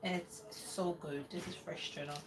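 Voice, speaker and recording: A woman's voice: lowish voice, fairly even intonation, moderate pace. A woman hosting a casual live cooking stream from her home kitchen in the UK, chatting loosely and rambling while she answers viewers. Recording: distant mic with noticeable background noise.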